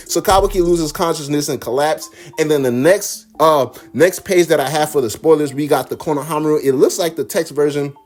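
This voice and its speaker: A man's voice: on the high side, darkish tone. A man giving casual, slangy reaction commentary on manga spoilers and talking straight to his chat. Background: faint background music.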